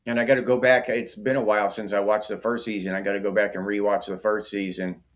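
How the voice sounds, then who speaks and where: A man's voice: on the low side, flat delivery, fast. A middle-aged man hosting a casual livestream, chatting and answering viewer comments by name. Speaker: livestream host.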